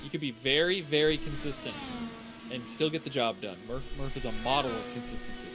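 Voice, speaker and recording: A man's voice: medium pitch, lively intonation, fairly quick, over music. A man doing color commentary for a sim race broadcast, explaining car handling and tire wear in detail.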